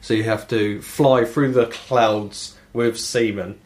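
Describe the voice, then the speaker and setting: A young man hosting a casual gaming podcast, telling stories in an animated way, swearing and laughing often. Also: medium pitch, takes it slowly. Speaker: podcast host. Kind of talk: casual podcast chat about video games.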